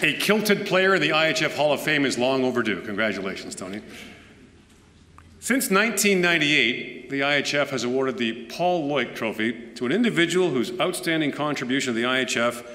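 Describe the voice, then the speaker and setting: A man's voice: mid-range voice, lively intonation, fairly quick, pushed and bright. A man hosting a formal ceremony, announcing winners in a projecting, announcer-like way. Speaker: ceremony host. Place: large hall with audience. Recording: echoey hall, faint crowd.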